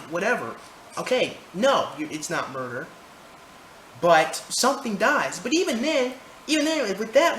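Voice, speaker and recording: A man's voice: extremely high pitch, a bit bright. A man ranting his opinions to camera, heated, profane and rambling, recorded indoors. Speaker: vlogger. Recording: roomy echo, faint background noise.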